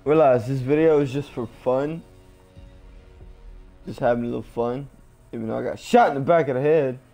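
A man streaming a shooter game, giving excitable commentary, swearing and yelling at teammates. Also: medium pitch, moderate pace, soft background music. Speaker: gaming streamer. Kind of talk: casual gameplay commentary.

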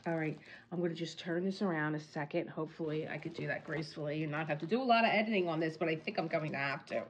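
A woman hosting a casual unboxing vlog at home, gushing and softly exclaiming as she talks into a phone on a tripod. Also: on the low side, slight background noise. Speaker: crafting channel host.

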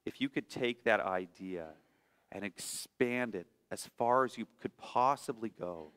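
Middle-aged male pastor, chatty animated sermon, smooth voice, long church reverb. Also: lowish voice. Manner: chatty and animated, laughing at his own stories. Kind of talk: sermon with storytelling. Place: church sanctuary.

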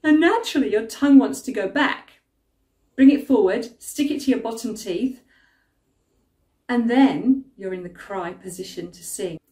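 A woman's voice: on the high side, moderate pace, warm tone, recorded from a distance. A woman teaching singing technique in a friendly, chatty way, speaking straight to her students. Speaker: vocal coach. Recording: roomy sound, voice a little off-mic.

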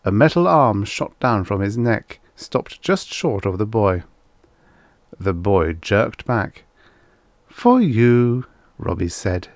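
Low-voiced male audiobook narrator. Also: no echo. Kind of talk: reading vintage science fiction aloud.

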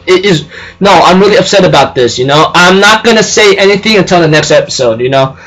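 A man's voice: sits high, expressive, fast talker, a bit bright, rough recording. A man casually recapping an anime episode, rambling with lots of fillers and repeated phrases. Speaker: anime reviewer.

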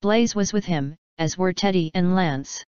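A woman narrates a novel in a measured, even reading. Her voice is low for a woman and exceptionally smooth and clear. The recording is bone dry and a bit dull. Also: no echo. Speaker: audiobook narrator. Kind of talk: scripted narration.

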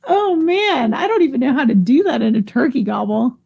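A woman's voice: a little high, lively intonation, fast, vocal fry, dark tone, husky, lo-fi sound. A woman hosting a live online auction, chatting casually and giggling as she reads out bids. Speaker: live sale host.

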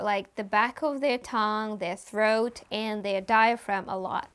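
A woman's voice: on the high side, smooth. A young woman with a Russian accent, a native Russian speaker, chatting to camera in a casual vlog in an upbeat, confiding way. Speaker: vlogger and actor.

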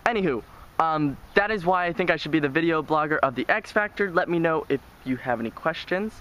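A bubbly young woman from New York talks excitedly into a handheld flip camera, her voice swinging up and down with a lively melody. She sounds like a casual vlogger making a quick audition clip outdoors by a beach. Loud outdoor noise roars behind her, and the cheap camera mic muddies the sound. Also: sits low. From New York City. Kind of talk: casual self-filmed audition video.

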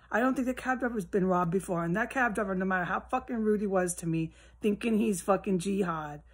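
A woman rambling alone at home in a solo monologue, swearing often and drifting between low mutters and heated outbursts. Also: husky. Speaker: vlogger. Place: at home, indoors with a window open.

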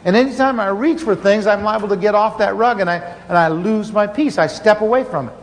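High-voiced male preacher in a hall. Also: a little fast. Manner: earnest storytelling with frequent restarts and fillers. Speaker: pastor. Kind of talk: sermon. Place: large conference hall. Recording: conference hall reverb, faint noise.

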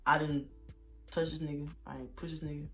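A young man, telling a story in a casual vlog, animated and slangy, getting loud when he quotes himself. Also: a little high, fairly quick, faint music behind. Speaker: vlogger.

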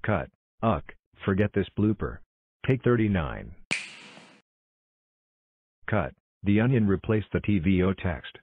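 Exclamatory man narrating homemade bloopers, low voice, muffled lo-fi audio. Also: sing-song. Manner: exclamatory, hurried, calling cuts and takes. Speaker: creator directing a logo blooper video. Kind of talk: scripted fan cartoon narration.

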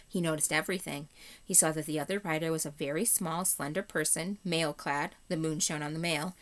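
Teacher lady reading a chapter book out loud, lowish voice, expressive. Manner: expressive storybook narration. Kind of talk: reading a children's novel aloud.

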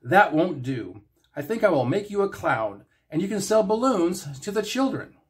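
A man's voice: high voice, big pitch swings, moderate pace, pitched above the performer's own voice. A man voicing Trelane, a flamboyant and childish godlike male aristocrat, in a theatrical, sing-song and haughty manner, in a fan story reading. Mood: gleeful.

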